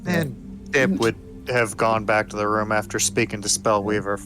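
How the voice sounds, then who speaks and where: A man's voice: on the low side, normal speed, fairly bright tone, soft background music. A man playing in a tabletop game, joking in a dry way. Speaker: player.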